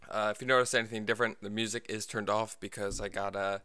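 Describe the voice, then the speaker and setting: Male gaming streamer, out of breath, rambling, bright and smooth tone. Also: fairly low pitch, little pitch movement, fast talker, hardly any pauses. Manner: rambling, lots of fillers, self-deprecating. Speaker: gaming livestreamer. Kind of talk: casual gameplay livestream talk.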